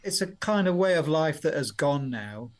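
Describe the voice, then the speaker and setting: A songwriter in his 70s from Sheffield, Yorkshire, England, chats in a radio interview, telling rambling stories and laughing often. His voice is on the high side, with lively intonation and a moderate pace.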